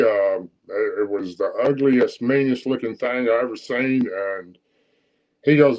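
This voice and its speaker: A man's voice: fairly low pitch, steady tone, a little slow, darkish tone, muffled recording. A man with a Southern US accent telling a personal encounter story in a plain-spoken, rambling, folksy way. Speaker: guest storyteller.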